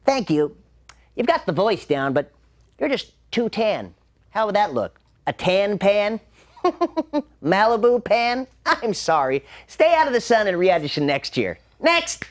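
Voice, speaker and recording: A man's voice: high-pitched, big pitch swings, a little slow. A man voicing a brusque casting supervisor who brushes people off glibly. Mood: dismissive. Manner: dismissive, glib.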